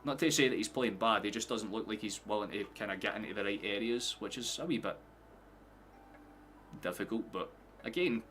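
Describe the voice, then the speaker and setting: A man's voice: lowish voice, a little fast, slight background noise. A young Scottish man live-streaming his reactions to a football match, chatting to viewers and swearing freely. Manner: excitable, swears often, erupts into shouting at goals.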